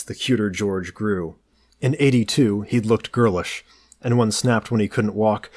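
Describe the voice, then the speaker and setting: A man reading a novel aloud in a calm, dry, understated narration. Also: on the low side. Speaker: audiobook reader.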